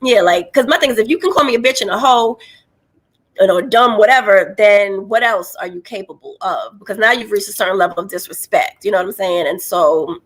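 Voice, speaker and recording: A woman co-hosts a casual podcast, making her points in a lively, expressive way full of slang. Her voice sits at an ordinary pitch for a woman. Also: brisk, rough recording. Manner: animated, expressive talk with laughs and slang. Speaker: podcast co-host.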